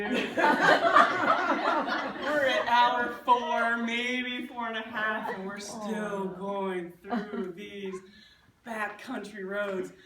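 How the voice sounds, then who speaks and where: A woman delivers a humorous storytelling speech to a live audience, animated and comic in her delivery. Her voice sits well back from the mic in an echoey room. Bursts of audience laughter and room noise come through behind her. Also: on the high side. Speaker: Toastmasters speaker. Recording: roomy echo from a distant mic.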